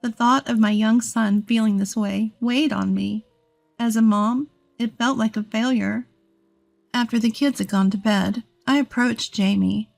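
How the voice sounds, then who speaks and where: A woman in her thirties telling a first-person story in a steady, earnest scripted narration. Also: mid-range voice, measured pace, creaky, dry recording, faint music behind. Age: 30s.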